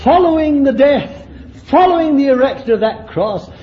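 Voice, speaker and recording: A man's voice: extremely high pitch, animated, moderate pace, dull audio, a little hiss or hum. A man preaching a fervent sermon, exclaiming and laughing between points.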